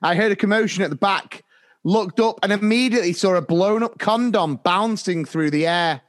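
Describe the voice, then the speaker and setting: A man's voice: high voice, normal speed. A man, co-hosting a podcast and reading out listener stories, laughing as he goes. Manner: laughs through listener messages as he reads them aloud. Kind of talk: casual chat.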